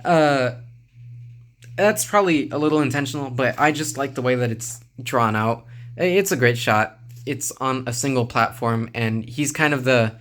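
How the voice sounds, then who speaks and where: In a casual video, a man reviews a manga volume in a relaxed, rambling style. His mid-range voice moves at a moderate pace, full of filler sounds and little chuckles.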